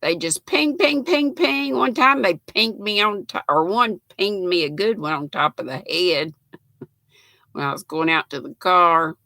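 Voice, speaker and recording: A woman's voice: lowish voice, a little slow, pushed and bright, no echo. A woman, chatting casually with viewers, reading out comments and laughing often on her livestream. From United States. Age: 60s. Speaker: livestream host reading chat. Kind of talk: casual chat.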